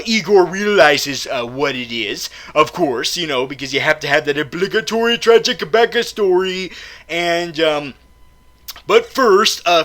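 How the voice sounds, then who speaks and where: A man's voice: a little high, sharp tone. A man recapping a film in a casual, comedic way, rambling and profane, stammering with many fillers. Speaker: film reviewer.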